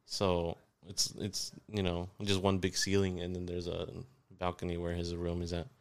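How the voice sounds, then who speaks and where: A man's voice: sits low, monotone, moderate pace. A young man in casual podcast chat, laid back and profane, telling stories.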